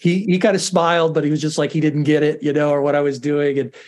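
A man's voice: on the high side, little pitch movement, fast, darkish tone. A middle-aged man, a university dean, chatting as a guest in a casual interview, self-deprecating and often restarting his sentences.

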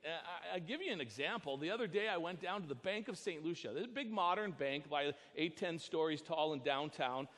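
An American man preaching a sermon as pastor, telling a personal story with animated voices for the dialogue. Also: on the high side, a little fast, few pauses. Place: church sanctuary. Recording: long church reverb.

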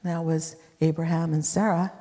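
A woman's voice: sits low, little pitch movement, normal speed, dark tone. A woman preacher retelling scripture in a sermon, emphatic with conversational asides. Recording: long hall reverb.

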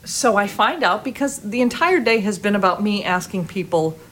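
A woman guest in an interview, telling a story in a lively way, often laughing and restarting her sentences. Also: mid-range voice, moderate pace. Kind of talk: conversational storytelling.

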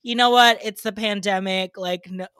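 Bright-voiced woman hosting a chatty podcast. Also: mid-range voice, fairly even intonation, normal speed, dry recording. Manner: bubbly, laughs often, many likes. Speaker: podcast host. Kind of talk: casual pop-culture chat.

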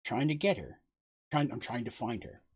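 A man's voice: medium pitch, very animated, moderate pace, husky, heavily acted. A man voicing an intense young warrior who talks bluntly and protectively. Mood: earnest. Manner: blunt and forceful.

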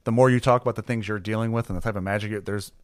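A man with a fairly low voice runs a tabletop game session, thinking out loud in loose, meandering sentences full of fillers. The sound is dry and close, with no room around it. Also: steady tone, racing, dry recording. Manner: rambling, filler-heavy, laughs easily. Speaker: game master. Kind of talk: casual tabletop planning chat.

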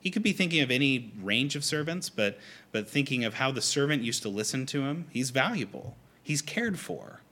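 Man preaching a lively sermon. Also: a little high. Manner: conversational, animated, acts out quotes. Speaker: pastor.

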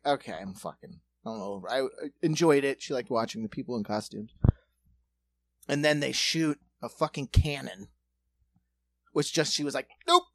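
A man in casual podcast chat, telling a profane, animated story and slipping into quick character voices. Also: mid-range voice.

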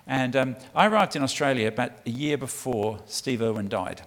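In a church hall with long, large-hall reverb, a middle-aged man from England gives a sermon talk to the congregation as a guest speaker for a child sponsorship charity. He speaks at medium pitch and moderate pace, chatty and prone to ums and restarts.

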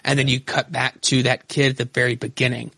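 Animated man swapping plot talk. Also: mid-range voice, a little fast, creaky, dry recording. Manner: animated plot retelling, frequent swearing. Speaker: podcast co-host. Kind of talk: casual podcast chat.

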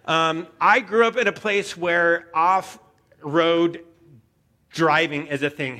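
A man preaching a sermon, telling a story with animated asides and frequent stammered restarts. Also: on the high side. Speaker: pastor.

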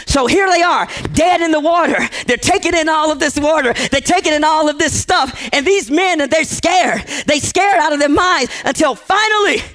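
A man preaching a sermon, telling a story with repeated phrases, acting out the characters' lines and shouting at the peaks. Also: very high voice, normal speed, hardly any pauses. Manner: acts out characters' quoted lines.

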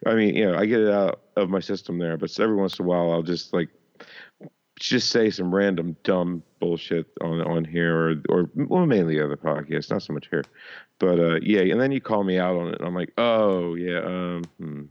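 A man's voice: deep voice, fairly quick, a little mellow, lo-fi sound. Rambling, profane podcast guy. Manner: rambling, profane, self-mocking. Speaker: podcast co-host. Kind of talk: casual chat.

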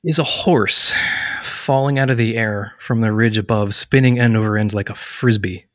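A man narrating as game master of a tabletop game, relaxed and full of fillers. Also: on the low side, normal speed, dry recording, clean studio sound. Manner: relaxed, hesitant, lots of fillers.

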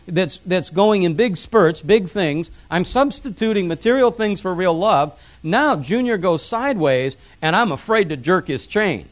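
A middle-aged man preaching a sermon, emphatic, repeating his points and telling family stories. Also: sits high. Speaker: pastor. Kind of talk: sermon on parenting.

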